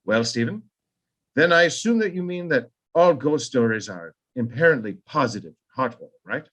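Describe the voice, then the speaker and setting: A man doing a deliberately poor British-accented impression of a famous film director, playing him cryptic and mock-grave on a phone call. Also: mid-range voice, animated, fairly bright tone. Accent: British, a poor put-on one.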